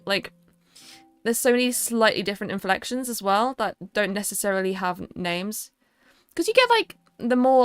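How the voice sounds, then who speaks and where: A woman's voice: medium pitch, a bit bright, smooth, no echo. Chatty young woman, southern English accent. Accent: southern English, London area. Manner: chatty and rambling, many fillers and restarts. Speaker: streamer. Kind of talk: casual livestream chat.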